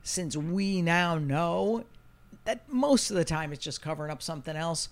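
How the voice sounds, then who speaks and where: Profane, animated man telling stories. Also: a little high, moderate pace. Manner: profane, animated storyteller who acts out quotes. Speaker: podcast host and comedian. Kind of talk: casual storytelling chat.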